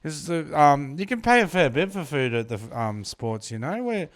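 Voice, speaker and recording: A man's voice: fairly high pitch, big pitch swings, moderate pace, no room sound, clean studio sound. A man, co-hosting a casual chat in a jokey, chatty way with loose fillers. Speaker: podcast co-host.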